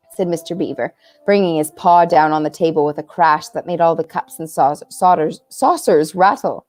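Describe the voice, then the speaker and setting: A woman narrating a live-streamed bedtime story in a cheerful, chatty way. Her voice is lively and animated, rising and falling as she greets viewers and reads. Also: fairly low pitch, moderate pace, dry recording, faint music behind. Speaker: camp counselor reading aloud.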